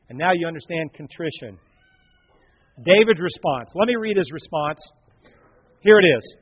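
A male preacher with a husky, slightly raised voice delivers a dramatic sermon. He sinks into near-whispers, then climbs back to fervent exclamations. The recording is dull and lo-fi, with a long hall reverb. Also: fairly high pitch, expressive, moderate pace, long pauses. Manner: dramatic, swings from hushed murmurs to loud exclamations.

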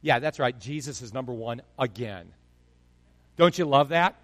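A male pastor preaching a sermon in an animated storytelling way, swinging between loud bursts and hushed asides. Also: medium pitch, moderate pace, long reverb tail.

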